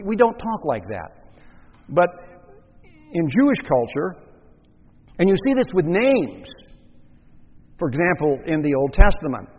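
A man preaching a teaching sermon, measured and explanatory, asking the listeners rhetorical questions. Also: fairly high pitch. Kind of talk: expository sermon. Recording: muffled, echoey hall recording.

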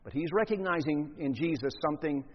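A man preaching a sermon in an animated way, acting out scenes with big swings in pitch and volume. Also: quick pace, slightly rough. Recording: long hall reverb, muffled lo-fi sound.

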